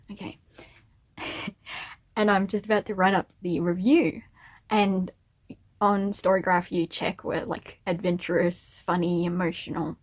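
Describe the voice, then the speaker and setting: A young woman chatting casually to camera in a vlog, rambling and laughing at herself, a little teary. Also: lowish voice. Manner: rambling, self-amused, giggly. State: teary and emotional. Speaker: vlogger.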